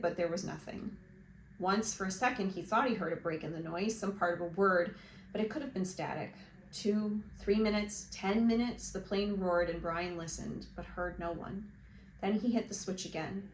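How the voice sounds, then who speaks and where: Woman doing a book club read-aloud, steady expressive storytelling, echoey room, slight hiss. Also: medium pitch, moderate pace. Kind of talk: reading a novel aloud. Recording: roomy with faint hiss.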